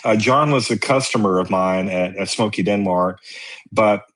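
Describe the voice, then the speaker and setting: A man with a fairly low, fairly bright voice speaks at normal speed. He's a podcast guest who makes and teaches sausage-making, and he tells long, rambling stories about it, full of fillers.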